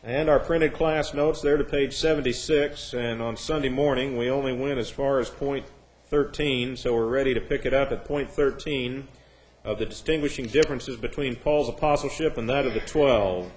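A man's voice: mid-range voice, poor audio. Man teaching a formal Bible class. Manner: formal, measured, slips into mild joke voices.

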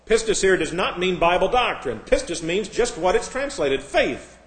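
Male preacher, fairly high voice, mocking sermon delivery, echoey room. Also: sing-song, moderate pace, fairly bright tone. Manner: sarcastic, mocking.

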